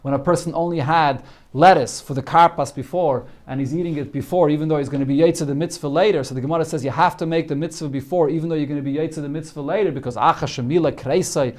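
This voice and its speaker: Talmud teacher man, higher-pitched voice. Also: fairly even intonation, fast talker, a little mellow. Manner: explains Aramaic text line by line with many fillers. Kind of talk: daily Talmud class.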